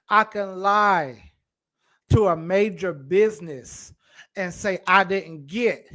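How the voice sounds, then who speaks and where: A man preaching a sermon, acting out a wrongdoer's mindset in the first person and swinging between loud cries and low murmurs. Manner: speaks in first person as a wrongdoer to make a point.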